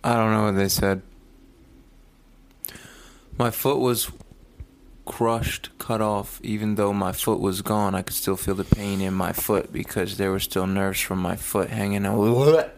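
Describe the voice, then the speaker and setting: A man's voice: fairly low pitch, flat delivery, a little slow, long pauses, a little hiss or hum, poor audio. A man co-hosting a podcast in casual chat, teasing and firing off questions. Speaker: podcast co-host.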